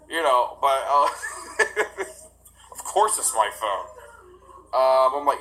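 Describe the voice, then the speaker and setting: A young man talking casually to the camera in a rambling, animated way, acting out the other people in his story. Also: mid-range voice, measured pace, rough recording. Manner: rambling, animated retelling with quoted dialogue. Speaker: vlogger. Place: new house with no furniture yet.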